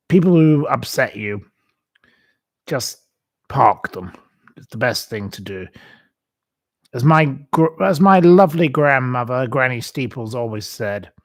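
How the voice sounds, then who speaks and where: A man's voice: mid-range voice, unhurried, long pauses, dry recording. A man hosting a casual livestream, rambling and chatty with many ums and asides. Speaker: host.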